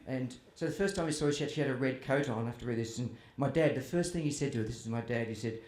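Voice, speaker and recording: In a festival tent or hall with an audience, an author talks very fast in a medium-pitched, slightly mellow voice. He chats through humorous stories about his family, making himself the butt of the joke, with faint ambience in the roomy space.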